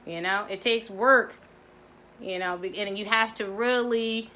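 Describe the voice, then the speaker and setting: A middle-aged woman from Baltimore, a mindfulness coach giving an animated motivational talk to her viewers, laughing often and swooping in pitch. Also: a little slow, slight background noise. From Baltimore, United States.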